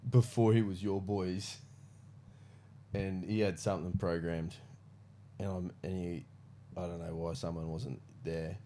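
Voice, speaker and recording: A man's voice: sits low, flat delivery, a little slow, pauses often, warm tone, slight background noise. A man co-hosting a casual podcast chat, laughing often and trading playful banter.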